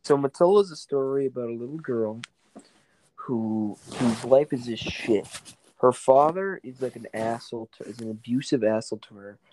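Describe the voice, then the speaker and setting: A man's voice: medium pitch, moderate pace, darkish tone, slight background noise, poor audio. A man in casual chat, talking bluntly and crudely, swearing freely and correcting others drily. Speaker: stage actor guest.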